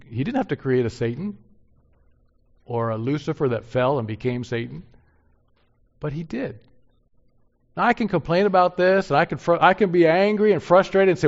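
Gravelly-voiced male preacher, lo-fi. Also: on the high side, big pitch swings, moderate pace, pauses often. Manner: earnest, rising to emphatic peaks then dropping soft. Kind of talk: sermon. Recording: dull lo-fi sound.

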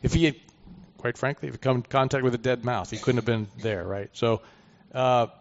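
A man's voice: mid-range voice, a little fast. A man teaching through a Bible passage, reading verses aloud and commenting in a conversational way with asides. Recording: dull lo-fi recording.

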